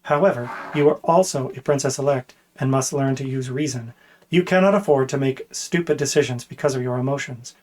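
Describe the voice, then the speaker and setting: Man reading as a calm stern guard captain. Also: mid-range voice, natural voice. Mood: flatly stern. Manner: flat, measured, unhurried delivery.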